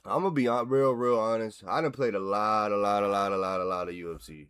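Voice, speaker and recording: A man's voice: on the low side, fairly quick, clean tone. A man hosting a reaction video, ranting bluntly and with lots of swearing as he breaks down a fight. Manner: profane, blunt, animated ranting. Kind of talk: casual fight reaction rant.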